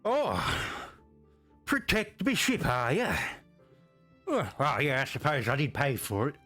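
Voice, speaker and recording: A man's voice: fairly high pitch, huge pitch swings, a little slow, sharp tone, soft background music, voice pushed up, exaggerated voice. Man putting on a rowdy drunken dwarf captain. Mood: jovial. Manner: boisterous, laughing, gruff sailor talk.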